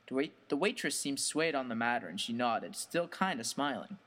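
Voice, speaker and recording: A man narrating a first-person horror story in a measured, plain storytelling manner. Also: medium pitch, expressive, a bit bright.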